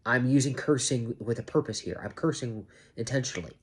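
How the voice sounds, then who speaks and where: A man's voice: fairly quick, husky. Emphatic cursing man venting. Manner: emphatic, cursing, mocking others in a high voice. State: half awake. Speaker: security guard vlogger. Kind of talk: venting monologue to camera.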